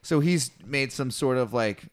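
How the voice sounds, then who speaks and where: A man's voice: medium pitch, a little slow. A man casually reading a scripture passage aloud and retelling it in slangy, swearing asides, mimicking the figures. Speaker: podcast co-host reading scripture.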